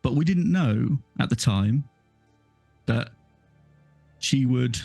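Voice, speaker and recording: Man putting on a gloating, creaky old village elder. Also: medium pitch, animated, darkish tone, dry recording, faint music behind, heavily acted. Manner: slow, gloating, contemptuous. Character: scheming old male village elder, menacing and condescending.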